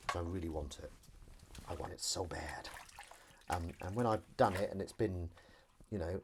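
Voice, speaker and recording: A middle-aged man chats his way through a live stream as he does the washing up. His voice swings lively up and down as he reads out comments and laughs, and a faint background noise sits under him. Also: low voice. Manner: chatty and animated, reading viewer comments aloud, laughing. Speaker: live stream host and actor. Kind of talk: casual live-stream chat.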